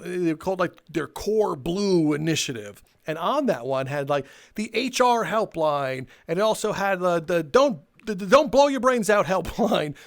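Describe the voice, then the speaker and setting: A young man telling a casual story for his video channel, animated and swearing, laughing between lines and acting out what people said. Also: high-pitched, creaky. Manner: animated, swearing, laughs mid-sentence, acts out quotes. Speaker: storytelling YouTuber.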